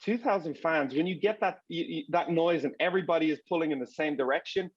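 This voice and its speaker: A man speaking as a soccer broadcaster on a panel, animated and often restarting his words. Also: fairly high pitch, quick pace, slightly rough, no echo, lo-fi sound. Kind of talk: casual panel discussion.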